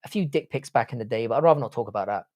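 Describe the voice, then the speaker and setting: A man's voice: mid-range voice, expressive, rapid-fire, darkish tone. A man with a British accent, a streamer and university professor, answering his live chat in a crude, blunt, joking way. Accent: British English. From Ireland, raised in England.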